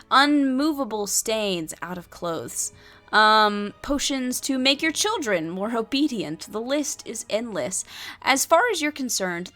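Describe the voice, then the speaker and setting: A woman's voice: medium pitch, a bit bright. A woman reading and playing through a solo tabletop adventure, with chatty asides and many fillers. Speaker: solo game player and narrator.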